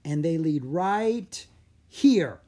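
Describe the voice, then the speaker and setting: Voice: mid-range voice, very slow. A reader voicing a shy but brave young village boy in a storybook audiobook. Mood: earnest. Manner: earnest, rising with excitement. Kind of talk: audiobook character reading.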